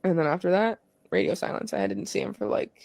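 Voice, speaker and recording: This podcast guest, a professional soccer player in her twenties, talks fast in a mid-range voice that's gravelly and a little mellow, in a dry recording. Her emotional retelling of a personal story is candid, profane, and packed with "like."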